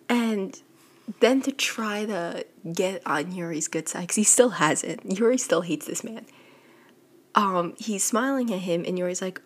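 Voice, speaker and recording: A woman hosts a podcast and recaps a manga in a relaxed, chatty way. Her voice is a little husky and breathy, at an ordinary middle pitch. She moves briskly through the story and fills it with casual "like"s. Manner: chatty, quick retelling with frequent "like" and laughs. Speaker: podcast host.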